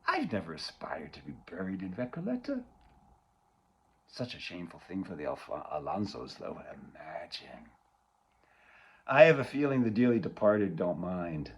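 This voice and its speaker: A man's voice: sits low, huge pitch swings, moderate pace, breathy edge, pitched below the performer's own voice, full character voice. A man reading aloud as a proud, cold older mother who speaks in a stiff, haughty way.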